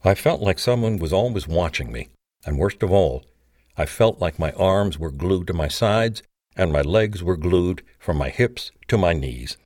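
A man with a very deep voice reads a memoir in measured, scripted narration. The sound is close and dead dry, with no room at all. His delivery stays even and unhurried. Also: no room sound. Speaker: audiobook narrator.

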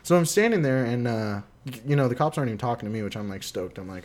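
A man's voice: medium pitch, lively intonation, fast, darkish tone. Profane rambling male podcast storyteller. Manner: profane, rambling, acts out quotes. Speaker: podcast co-host. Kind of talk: casual storytelling.

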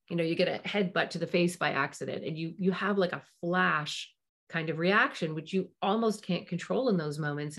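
A middle-aged woman hosting a parenting podcast, talking through advice in a chatty way, with asides and little acted-out quotes. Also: fairly low pitch. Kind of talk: casual advice talk.

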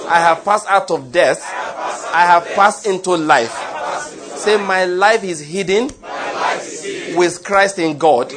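Preaching slowly in a fairly high voice, a man pauses often as he guides his church congregation through repeated, emphatic call-and-response lines. He is a pastor, and the gathered crowd is audible in the background of the recording.

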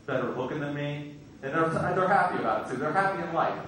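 A man doing a loud, crude stand-up set, teasing the crowd and breaking into sung bits. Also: fairly high pitch, animated, fast talker, slight background noise. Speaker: stand-up comedian. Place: comedy club stage. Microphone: handheld stage mic. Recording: echoey club heard from far off, with music.

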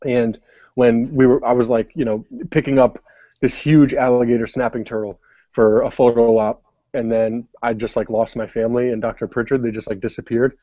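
A man's voice: mid-range voice, little pitch movement, moderate pace, mellow, dry recording, lo-fi sound. A young adult man telling a long story in casual podcast chat, rambling with many fillers. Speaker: podcast co-host.

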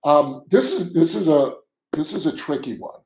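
A man's voice: fairly high pitch, sing-song, moderate pace, darkish tone, echoey room, poor audio. A man co-hosting a casual podcast chat, talking earnestly and often repeating words as he starts a sentence. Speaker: co-host.

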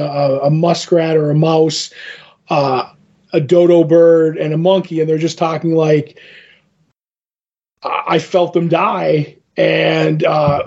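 A man co-hosting a podcast recaps a comic book issue in a casual, rambling manner, full of filler words and restarts. His voice is fairly high and a little mellow, with lo-fi sound.

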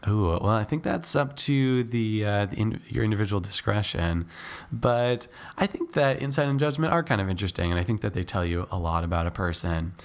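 A lowish male voice, thick and stuffy from a head cold. He talks through psychiatry concepts in a relaxed, chatty way, stopping to rephrase and fill gaps with "uh" as he thinks. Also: a little fast. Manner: thoughtful, explains step by step with many fillers. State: congested with a cold. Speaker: podcast co-host teaching psychiatry. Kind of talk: casual educational chat.

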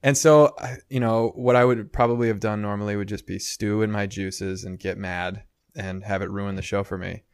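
A man's voice: fairly low pitch, fairly even intonation, normal speed, smooth, dry recording, clean studio sound. A man in casual chat, telling a rambling story full of "you know" and "like".

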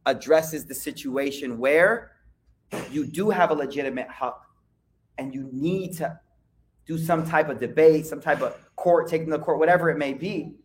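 A young man giving a casual, conversational Islamic talk, telling stories in slangy everyday speech. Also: fairly high pitch. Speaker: Islamic speaker. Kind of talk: casual sermon.

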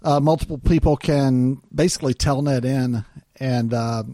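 An Arkansas man co-hosts a podcast in casual chat, stumbling through lots of fillers and restarts in a hesitant way. His mid-range voice has a dark tone and moves at a moderate pace. The recording is dry and studio quality.

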